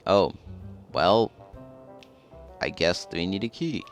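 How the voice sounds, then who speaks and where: A man's voice: low-pitched, animated, slow pace, pauses often, faint music behind. A man casually commenting as he plays a video game, rambling and chatty. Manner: rambling, chatty, often laughing. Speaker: let's play host.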